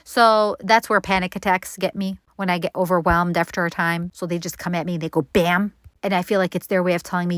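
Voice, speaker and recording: A woman's voice: fairly low pitch, a little fast, no room sound. Woman in her 40s, baking vlogger, candid chatty Q&A read, dry close mic. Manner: chatty, candid, animated quoting. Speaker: baking channel host. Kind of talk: casual Q&A vlog.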